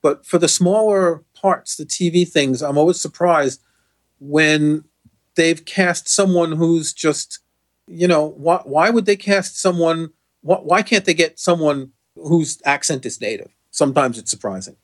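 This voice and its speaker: A man's voice: on the high side, measured pace. A man from the United States, a podcast guest in casual chat, musing aloud and often trailing off.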